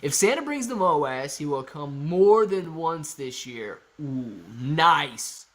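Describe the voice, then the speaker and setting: A man's voice: on the high side, big pitch swings, unhurried, a little mellow. A man hosting a casual livestream, reading viewer comments aloud and answering them in a playful, joking way. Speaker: livestream host.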